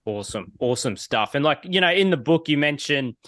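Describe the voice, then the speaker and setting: A man hosting a podcast interview, asking halting questions full of fillers. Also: a little high, expressive, a bit bright, no room sound, clean studio sound. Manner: halting, filler-heavy questions with "you know". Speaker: podcast host.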